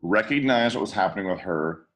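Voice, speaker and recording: A man co-hosting a casual podcast chat as a DJ, thinking aloud in an animated, reflective way. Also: deep voice, brisk. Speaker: DJ, podcast co-host.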